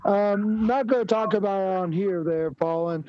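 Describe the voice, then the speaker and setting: A man guesting on a casual livestream, talking haltingly with lots of filler sounds. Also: sits high, no echo, muffled recording. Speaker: fellow streamer guest.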